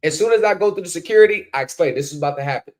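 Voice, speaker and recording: A male host in a casual commentary chat tells stories at a very fast pace in a fairly high voice. He is animated, acting out the people he quotes.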